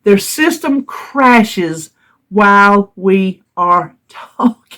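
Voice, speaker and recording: A woman's voice: medium pitch, animated, drawn-out words, fairly bright tone. A woman from North Carolina with a Southern US accent, casually telling a long story in her vlog, laughing often as she recounts her frustration. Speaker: vlogger.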